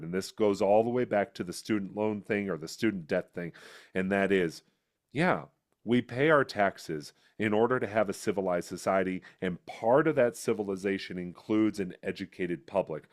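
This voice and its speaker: A man's voice: sits low, moderate pace. A man, a political candidate and former educator, answering interview questions and telling a long anecdote with acted-out voices. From United States. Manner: storytelling, acting out quoted voices.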